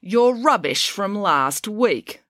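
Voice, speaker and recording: A woman's voice: mid-range voice, lively intonation, takes it slowly, a bit bright, no room sound, voice pushed up. A woman voicing a smug female camp leader who gleefully announces a hard challenge, in a dry, close recording.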